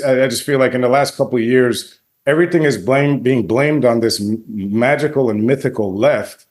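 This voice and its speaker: A man co-hosting a podcast, weighing his opinion thoughtfully with many restarts and pauses. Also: mid-range voice. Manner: thoughtful, halting with restarts and fillers. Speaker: podcast co-host. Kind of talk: casual discussion.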